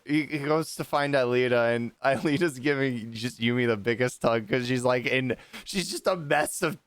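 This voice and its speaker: A man's voice: mid-range voice, normal speed, clean tone, no echo. A man hosting a livestream, chatting casually and animatedly retelling a story in funny voices. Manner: animated storytelling, acting out characters. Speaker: livestream host. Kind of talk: casual group chat.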